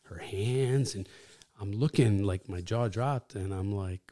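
A middle-aged man, a pizza shop owner, telling animated stories as a podcast guest, swearing casually. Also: lowish voice, takes it slowly, no echo, studio quality. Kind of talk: casual storytelling. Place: podcast studio.

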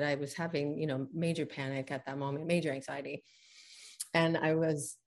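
A woman guest telling a personal story in a conversation, earnest and reflective, laughing often and saying "like" a lot. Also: sits low.

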